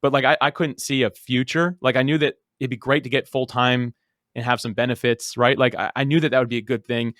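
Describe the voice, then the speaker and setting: A man's voice: mid-range voice, flat delivery, a bit bright, no room sound, studio quality. A man in his thirties, a podcast guest, telling his story casually with lots of "like" and repeated words. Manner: rapid, full of "like" and repeated words.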